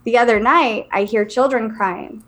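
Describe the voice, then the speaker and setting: A woman co-hosting a casual talk show tells stories with animated energy, jumping into the voices of the people she quotes. Her voice sits a little high for a woman. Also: unhurried. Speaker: medium, podcast co-host. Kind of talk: casual chat.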